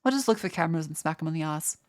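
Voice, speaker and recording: A young Australian woman with a deep, animated voice races through a live stream, chatting crudely and casually with viewers. She rambles, stammering and restarting frequently.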